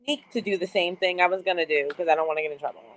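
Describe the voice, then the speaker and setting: A woman in her thirties co-hosting a casual talk show, candid and quick to laugh. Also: lowish voice, dry recording, low-quality recording. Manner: laughs often, relaxed and candid. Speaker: podcast co-host. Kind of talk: casual chat.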